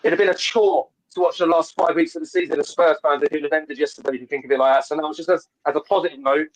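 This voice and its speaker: A man calls in to a fan show over a video call and talks fast about football. His voice sits a touch high for a man, and he pushes on eagerly, restarting his sentences as he goes. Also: steady tone, poor audio. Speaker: caller. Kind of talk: casual fan call-in chat.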